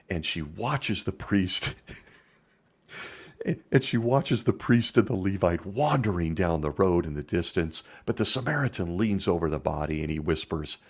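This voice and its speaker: A man hosting a podcast, giving sarcastic commentary and often chuckling as he talks. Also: sits low. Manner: sardonic, laughs often. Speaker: podcast host.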